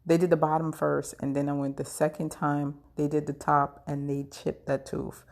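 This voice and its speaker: A woman's voice: sits low, little pitch movement, normal speed, vocal fry, a little mellow. A woman podcast host telling a personal story in a casual, chatty way, full of fillers and frank asides.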